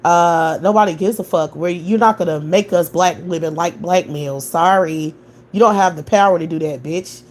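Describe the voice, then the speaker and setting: A woman's voice: lowish voice, normal speed, darkish tone. A young adult woman hosting a live stream, answering chat in a profane, scornful rant with mocking laughter. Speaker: livestream host.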